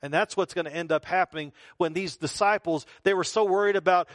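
A man's voice: high-pitched, brisk, few pauses, no echo. A male pastor preaching a conversational sermon, full of rhetorical questions and repeated phrases.

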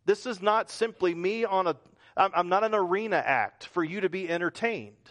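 A man's voice: sits high, lively intonation, moderate pace, a bit bright. A middle-aged male pastor preaching a conversational sermon, often repeating words and asking rhetorical questions.

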